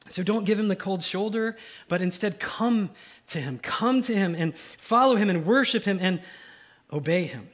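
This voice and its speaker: Man, high voice, chatty sermon, acts out quotes. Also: lively intonation, moderate pace, a bit bright. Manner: casual, conversational preaching with many asides; acts out voices of the people in his stories. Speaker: pastor.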